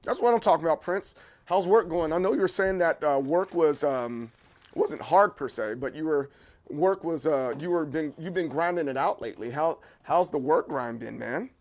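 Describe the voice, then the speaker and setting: With a fairly high voice at a moderate pace, this man hosts a laid-back livestream from his kitchen at home. Camera in hand, he strolls about, rambling and addressing his audience directly.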